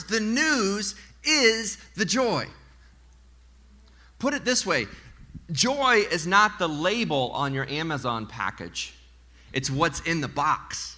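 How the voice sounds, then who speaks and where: A man preaching a sermon as pastor to a congregation, animated and mixing in joking asides. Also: high-pitched. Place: church in front of a congregation.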